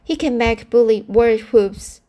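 A woman reading aloud and voicing a small, earnest, mischievous boy who pleads and confesses in a hurried way. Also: a little high, mellow, pitched above the performer's own voice, natural voice.

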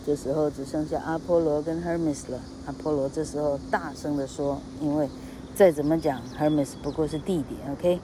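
A woman's voice: low voice, steady tone, moderate pace, warm tone, slight background noise. A woman reading a myth aloud as a storyteller, reading a passage and then retelling it freely. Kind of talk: bilingual read-aloud storytelling.

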